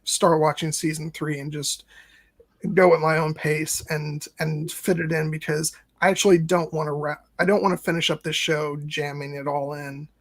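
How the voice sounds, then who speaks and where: A man in his late thirties speaks in a casual podcast chat, his fairly high voice edged with a gravelly fry. He talks earnestly and reflectively, letting his sentences wind along as he thinks out loud. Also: little pitch movement, normal speed. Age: late 30s. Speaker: co-host, first-time viewer.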